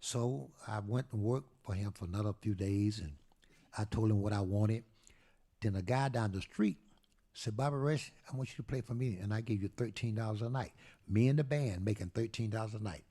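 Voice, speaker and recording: A man in his eighties telling a lively story at a live talk event, acting out the people he quotes. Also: fairly low pitch, brisk. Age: 80s. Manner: animated storyteller, acts out quoted voices. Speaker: guest storyteller.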